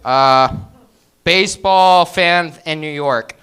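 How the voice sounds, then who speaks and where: A man's voice: a little high, slow pace, fairly bright tone, clean tone. A man doing a stand-up set, introducing bit after bit with plain setups. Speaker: stand-up comedian. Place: open mic comedy venue, indoors.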